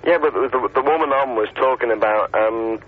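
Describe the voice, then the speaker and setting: A man calling a radio show from his bedroom, rambling and hesitant with many pauses. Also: medium pitch. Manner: rambling and hesitant, lots of ums. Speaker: caller. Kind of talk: casual phone chat. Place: bedroom at home. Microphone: telephone. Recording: tinny phone line with faint hiss.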